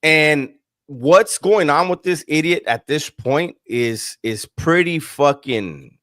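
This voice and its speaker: A man's voice: a little high, slow, dry recording, studio quality. A man hosting a live-stream talk, swearing often and mocking the person he talks about. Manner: profane, mocking, animated. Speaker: host. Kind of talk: casual live-stream chat.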